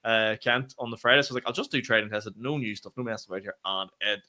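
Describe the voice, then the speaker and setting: A young Northern Irish man and comedian co-hosting a podcast, telling stories in casual chat with quick swearing asides. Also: on the low side, pushed and bright. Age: young adult. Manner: quick storytelling with swearing and fillers.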